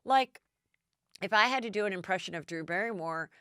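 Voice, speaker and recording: A middle-aged woman hosting a podcast, chatting about celebrity gossip in a casual, animated way and acting out the quotes she repeats. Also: mid-range voice, a little fast, clean tone, no echo, clean studio sound. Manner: chatty, animated, acts out quotes in other voices. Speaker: podcast host.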